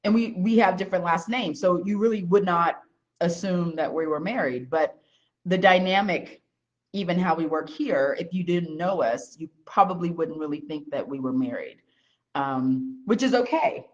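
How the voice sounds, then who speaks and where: Blunt low-voiced woman, dull lo-fi sound. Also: normal speed. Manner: blunt, lively storyteller. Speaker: small business owner. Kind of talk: casual on-camera chat with her husband.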